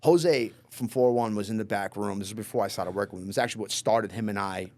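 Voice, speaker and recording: A man, a professional fighter, telling stories in a loose, casual podcast interview, swearing freely and filling pauses with fillers. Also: on the low side, no room sound. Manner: relaxed, loose and profane, lots of fillers.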